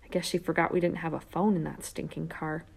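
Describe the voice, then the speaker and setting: A woman reading a first-person children's novel aloud, lively and character-driven, with whispered asides. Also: low voice, fairly quick, creaky, breathy edge. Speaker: audiobook narrator. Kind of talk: first-person storybook narration.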